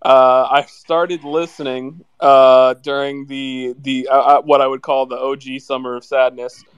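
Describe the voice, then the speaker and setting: A man co-hosting a podcast in casual chat, joking with quick asides. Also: mid-range voice, little pitch movement, smooth, no room sound, muffled recording. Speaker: podcast co-host.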